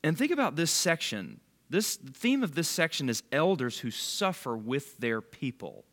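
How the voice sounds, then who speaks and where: A man's voice: fairly high pitch, sing-song, moderate pace, a bit bright. A man leading a bible study, giving a casual, conversational sermon and quizzing his listeners by name. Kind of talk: casual sermon to a small group.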